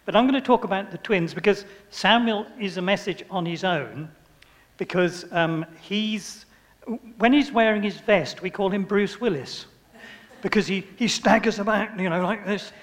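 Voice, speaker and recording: A man's voice: sits high, normal speed. An older man preaching a sermon, telling family stories with chuckles and acted-out scenes. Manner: anecdotal, chuckling, acts out scenes. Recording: long reverb of a hall.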